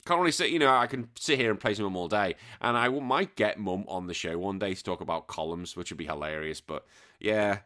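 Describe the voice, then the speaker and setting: A middle-aged English man hosting a podcast, reading out listener messages in casual chat and bursting into loud sworn exclamations. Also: fairly low pitch, fairly quick. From England. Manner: animated, swears freely, bursts into loud exclamations. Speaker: podcast host.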